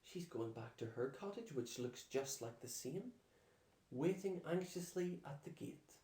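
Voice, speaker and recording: A man slowly reading a children's storybook aloud, with expressive delivery. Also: a little high. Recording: echoey room.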